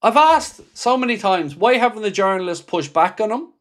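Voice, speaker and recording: On his football fan livestream, this man fires back bluntly at viewer comments he reads out, swearing often and speaking with real passion. He sounds high and animated, with a fairly bright tone, at a normal speed.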